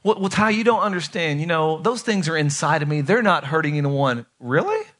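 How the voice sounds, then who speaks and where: A man preaching a sermon in a conversational, animated way, swinging between loud emphatic lines and hushed ones. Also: a little high, a little fast. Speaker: pastor.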